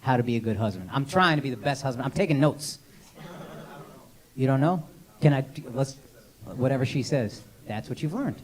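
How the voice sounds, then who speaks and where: A man's voice: mid-range voice, expressive, moderate pace, pauses often. A man in his thirties doing crowd work on a comedy club stage, brash and profane, teasing audience members through a handheld mic. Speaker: stand-up comedian. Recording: live club set with loud crowd laughter. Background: audience laughter and clapping.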